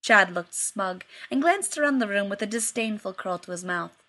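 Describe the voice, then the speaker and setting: A woman reading fiction aloud with expressive storytelling. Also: medium pitch, moderate pace. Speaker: reader.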